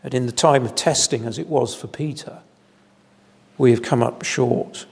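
A man preaching an evening sermon in a church, measured and deliberate, with solemn emphasis. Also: medium pitch, fairly even intonation, creaky, darkish tone, husky. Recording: long hall reverb.

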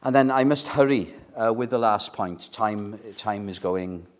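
An older man from Wales preaching a sermon, emphatic, with dramatic pauses and sudden soft drops. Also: on the low side, expressive.

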